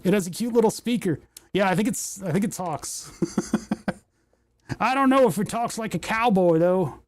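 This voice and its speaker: A man's voice: high voice, normal speed. A man hosting a casual livestream, rambling and self-deprecating as he thinks aloud while he takes apart a machine. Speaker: livestream host.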